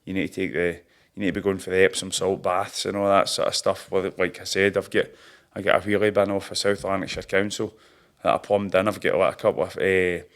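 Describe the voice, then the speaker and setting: A man's voice: sits low, flat delivery, a little fast, fairly bright tone. A Scottish man in his thirties, a professional boxer, chatting casually in an interview and telling stories with broad slang and laughs at himself. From Scotland. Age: 30s.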